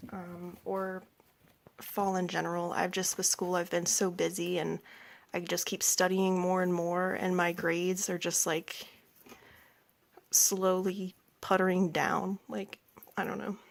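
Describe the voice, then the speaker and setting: A woman's voice: lowish voice, little pitch movement, slow, gravelly. A young woman in her twenties, a pet vlogger chatting casually at home beside a cage, rambling with many fillers and a little out of breath. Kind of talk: casual chat. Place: indoors at home by an animal cage.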